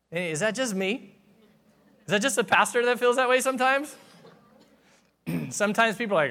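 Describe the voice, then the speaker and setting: A man preaching a sermon in a casual, conversational tone, with a voice sitting a touch high for a man. He talks straight to the congregation with questions, then slows down for firm, emphatic lines. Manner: conversational, asks the audience questions, swings from soft to emphatic. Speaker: pastor.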